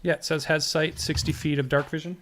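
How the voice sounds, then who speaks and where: A man's voice: on the high side, level tone, fairly quick, fairly bright tone, slight background noise. A man running a tabletop game session as game master, narrating in an easygoing way with frequent filler hesitations.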